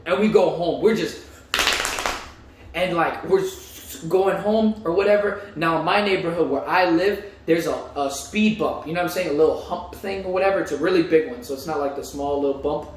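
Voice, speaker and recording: A young man telling a casual story, animated and full of slang, repeating himself as he goes. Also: on the high side, moderate pace. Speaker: vlogger. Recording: echoey room, voice a bit far from mic.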